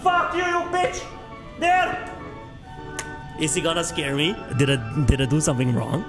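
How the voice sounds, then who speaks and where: A young man streaming a horror game, reacting excitably, swearing often and shouting when startled. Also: fairly high pitch, moderate pace, music in the background.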